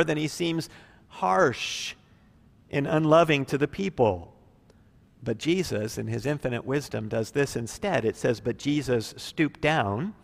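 Gravelly-voiced man preaching a sermon. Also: mid-range voice. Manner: expressive preaching, swings from loud emphasis to near-whisper. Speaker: pastor.

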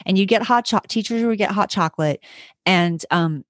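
A woman's voice: mid-range voice, moderate pace, no echo, studio quality. A woman, a teacher, telling a story in casual chat, acting out the people in it. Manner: animated, acts out voices in her story.

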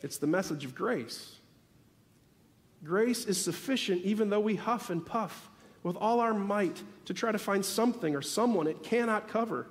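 A man delivers a sermon from the pulpit, his voice sitting high for a man. He talks animatedly, building to emphatic peaks and then dropping back to a conversational aside. The sound rings with the long reverb of a big church sanctuary. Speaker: pastor. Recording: long reverb of a large hall.

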